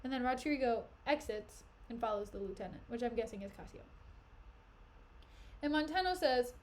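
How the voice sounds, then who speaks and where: A woman's voice: on the high side, lively intonation, normal speed, pauses often, a little hiss or hum. A woman streamer reading a play aloud casually and adding chatty, sarcastic asides.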